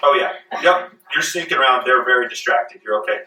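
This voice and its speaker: A man's voice: mid-range voice, lively intonation, fairly quick, pushed and bright. A man narrating a tabletop game as game master, describing scenes with frequent fillers. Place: library meeting room. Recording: echoey room, far from mic.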